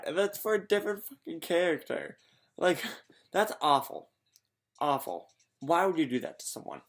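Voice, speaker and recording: A young man talking in a casual vlog, gushing and rambling with lots of "like" and the odd swear word. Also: mid-range voice. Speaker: vlogger.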